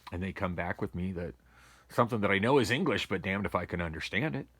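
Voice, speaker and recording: A man's voice: low-pitched, animated, fast talker, a bit bright, breathy edge, no room sound. A man vlogging from home on a phone, rambling and complaining wearily in a casual monologue. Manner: weary, complaining, meandering with restarts. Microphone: phone camera.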